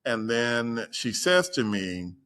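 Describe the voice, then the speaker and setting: A man telling a personal story in a casual chat, acting out the people he quotes with lively shifts in voice. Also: medium pitch, takes it slowly. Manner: animated, acts out quoted voices. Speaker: guest storyteller.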